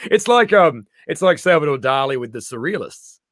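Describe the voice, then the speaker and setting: A man in casual interview chat, an animated storyteller who acts out the voices he quotes. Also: fairly high pitch, normal speed, dry recording, clean studio sound. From Australia. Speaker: comedian guest.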